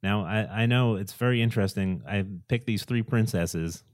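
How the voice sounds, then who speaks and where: Man, low pitch, dry recording, casual chat, enthusiastic, rambling. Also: normal speed, no echo. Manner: enthusiastic, rambling, acts out quotes. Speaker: podcast co-host.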